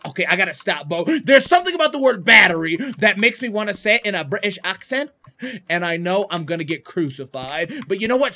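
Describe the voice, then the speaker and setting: A man doing let's play commentary on a horror game, crude and animated, breaking into startled shouts. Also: sits high, fairly quick. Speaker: gaming YouTuber. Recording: game music playing behind.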